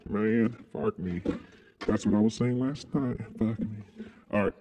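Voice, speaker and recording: A podcast co-host from Southern Indiana, a man doing a put-on accent, teasing and bantering crudely and shouting across the room now and then. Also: lowish voice, a little slow. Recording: dull lo-fi sound with long reverb.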